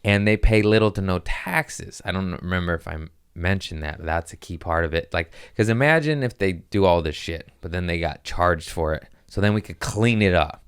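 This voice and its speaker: A man's voice: sits low, moderate pace, hardly any pauses, smooth, no echo, clean studio sound. A man hosting a podcast, telling rambling stories in a casual chat and acting out what people said. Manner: rambling, animated storytelling with voiced quotes. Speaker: podcast host.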